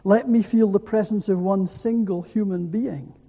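A man's voice: high voice, steady tone, normal speed, dark tone, in a large hall, voice pushed up. A man reading aloud a story and voicing a terrified, anguished damned man who cries out alone in the darkness. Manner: crying out in terror.

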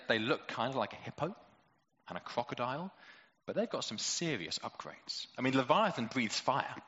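Bright-voiced male preacher in a hall. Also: medium pitch, highs cut off. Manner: conversational, lots of rhetorical questions, playful asides. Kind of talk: sermon.

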